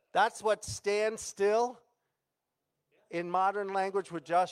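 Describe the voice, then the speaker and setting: A man's voice: high voice, takes it slowly, clear, resonant tone. A male pastor preaching a sermon, telling a story dramatically and acting out the voices of the people in it.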